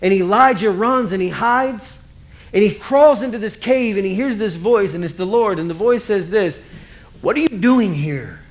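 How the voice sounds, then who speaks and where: Male pastor, 40s-50s, casual animated sermon delivery, high pitch. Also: normal speed. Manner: conversational, animated, acts out scenes.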